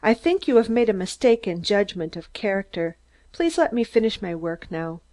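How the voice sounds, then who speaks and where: A woman's voice: medium pitch, expressive, moderate pace, darkish tone, no echo, natural voice. Woman reading as a proper young secretary, cool and formal. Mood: cold. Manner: coldly final, formal.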